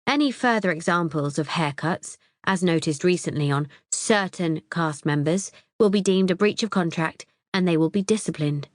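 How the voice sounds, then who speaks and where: A woman's voice: on the low side, normal speed, few pauses, no echo, studio quality. Wry woman narrating an audiobook. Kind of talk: first-person audiobook narration.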